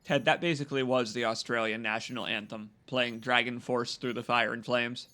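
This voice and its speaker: Bright-voiced, jokey gaming streamer. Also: male voice, medium pitch, moderate pace. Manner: jokey, excitable, talks to chat and to the game. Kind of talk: live gameplay commentary.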